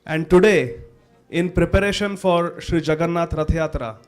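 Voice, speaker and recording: Rather high for a man, a man performing a devout king speaks in a formal, stately manner, humble yet royal. It is a live festival stage monologue given straight to the audience. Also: normal speed, clean tone, faint music behind, close to an everyday voice. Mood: regal storytelling. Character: devout old king of Odisha, regal and humble. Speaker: actor in a festival drama.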